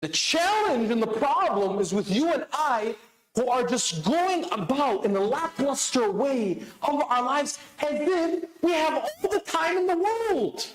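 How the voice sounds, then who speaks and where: A man's voice: extremely high pitch, sing-song, unhurried. A man giving a sermon with urgency, asking the crowd questions and answering them himself. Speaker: speaker at a religious celebration. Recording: echoey hall.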